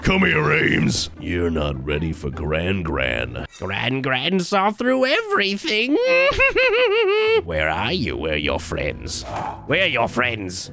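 A man voicing a spiteful, vengeful old grandmother in a video game with a creaky, cackling manner. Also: mid-range voice, full character voice. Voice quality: creaky, crackly old-lady voice. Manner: drawn-out taunting, cackling.

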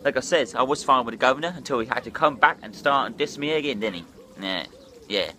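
Man, hungover, swearing, rambling vlog rant, sharp voice, faint hiss behind. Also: medium pitch, quick pace. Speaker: drinking vlogger. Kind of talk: ranting vlog monologue.

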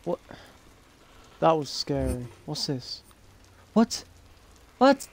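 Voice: medium pitch, sing-song, very slow. A let's play gamer, commentating a horror game in a jumpy way, talking to the game's characters. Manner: jumpy, talks to game characters, startled shrieks.

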